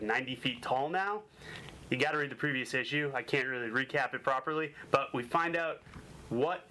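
Bright-voiced excited comic show host. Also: male voice, medium pitch, a little hiss or hum, poor audio. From Boston. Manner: energetic, joking, gushing. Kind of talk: enthusiastic comic review chat.

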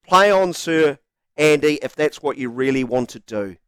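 A man's voice: fairly high pitch, expressive, moderate pace, fairly bright tone, clean tone, no room sound. A man delivering a sarcastic, scripted sports opinion piece full of mocking rhetorical questions. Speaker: sports commentator.

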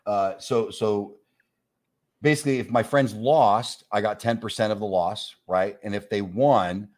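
Comic guest, man in his 40s, from New York, lowish voice, animated, profane, does the voices. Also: a little slow. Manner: animated storyteller acting out quoted voices, swears freely. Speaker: comedian guest. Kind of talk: casual storytelling chat.

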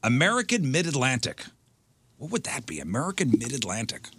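A man's voice: medium pitch, huge pitch swings, a little fast, fairly bright tone, slight background noise. A man hosting a morning radio show, reading out poll results between jokes and laughing with his co-hosts. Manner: reads poll results aloud, laughs often.

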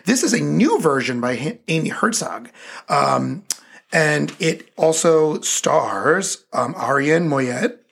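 A man co-hosting a pop culture podcast, leading the talk in a relaxed, casual way. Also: on the high side, takes it slowly, creaky, breathy edge. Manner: relaxed, leads segments. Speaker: podcast co-host. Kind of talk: casual chat.

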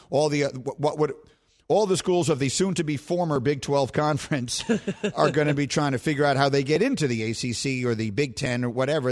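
A middle-aged man hosting a sports talk show, chatting in a playful, talkative, self-mocking way. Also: mid-range voice. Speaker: radio and podcast host. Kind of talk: casual sports talk banter.

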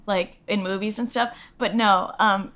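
A middle-aged actress from Massachusetts, chatting as an interview guest, self-deprecating and full of fillers. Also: female voice, mid-range voice, steady tone, unhurried, a bit bright. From Lexington, Massachusetts. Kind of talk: casual interview chat.

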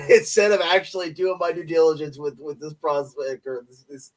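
Speaking at a normal speed in a fairly high register, this young male podcast co-host keeps things light. He jokes around in casual conversation, playful and quick to laugh.

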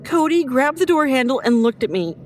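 A woman narrating a first-person horror story in an expressive, measured storytelling manner. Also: high-pitched, faint music behind.

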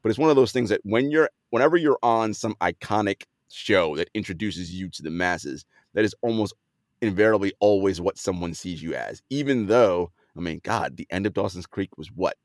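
Laid-back low-voiced podcast host man. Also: expressive, moderate pace, no room sound, clean studio sound. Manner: laid-back, laughs easily, trails off into fillers. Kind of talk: casual chat.

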